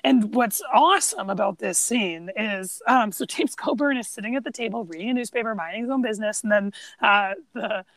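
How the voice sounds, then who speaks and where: A woman co-hosting a podcast in casual chat, retelling film scenes as an animated storyteller who acts out the quotes. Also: mid-range voice, fairly quick, few pauses. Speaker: podcast co-host.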